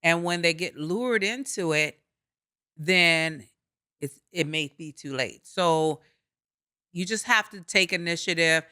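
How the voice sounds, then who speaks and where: Bright, forceful middle-aged woman co-host. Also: lowish voice, slow pace, clear, resonant tone. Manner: forceful, opinionated, teasing. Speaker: podcast co-host. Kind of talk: casual chat.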